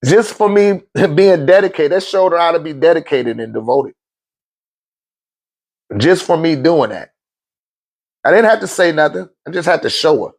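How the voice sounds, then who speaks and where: A man's voice: a little high, animated, normal speed, creaky, pauses often. A middle-aged man, giving blunt, profane life advice in a casual monologue and laughing often.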